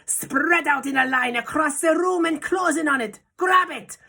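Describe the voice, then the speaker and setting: The Grand High Witch, shrieking. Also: moderate pace, creaky, sharp tone, full character voice. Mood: shrieking, commanding. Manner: screeching commands. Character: cruel shrieking old female witch leader.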